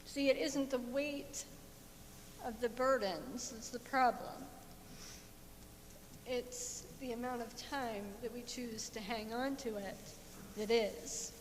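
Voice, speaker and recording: A woman giving a heartfelt personal testimony in a church, speaking earnestly into a microphone. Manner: slow, earnest and heartfelt, rising in fervor. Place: church sanctuary. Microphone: handheld microphone. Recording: echoey church hall with faint rumble.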